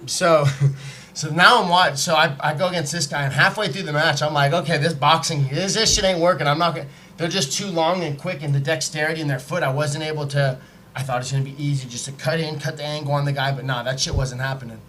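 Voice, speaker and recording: A man spins a wild story in loose, swearing podcast talk, acting out every line he quotes. His voice sits a bit high and sounds bright and forceful. A faint hiss runs underneath. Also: fast. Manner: animated, profane, acts out quotes. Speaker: podcast guest telling a story. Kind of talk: casual storytelling. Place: podcast studio, live.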